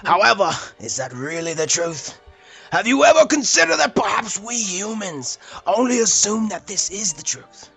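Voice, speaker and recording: A man's voice: sits high, sing-song, moderate pace, creaky, bright, forceful tone, husky, soft background music, voice pushed up, exaggerated voice. A man voicing a pompous male cult leader who gives a grand, preachy speech in a game playthrough. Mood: preaching. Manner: grand, preachy oratory, breaking into laughs. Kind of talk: let's play voice acting.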